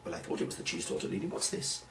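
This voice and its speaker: A British magician explains a trick, then performs its showman patter in a theatrical, exclamatory style. He talks very fast, and the mic sounds distant.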